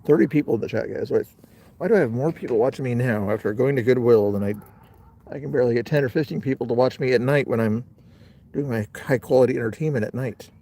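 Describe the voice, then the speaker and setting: A man's voice: mid-range voice, fast talker, mellow. A middle-aged man hosting a casual livestream outdoors, rambling and talking straight to his chat. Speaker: livestream host.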